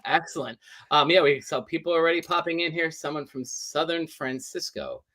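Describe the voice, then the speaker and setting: A man's voice: on the high side, brisk, bright, forceful tone. A man hosting a casual interview over a video call, talking hesitantly with many fillers and restarts. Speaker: interview host.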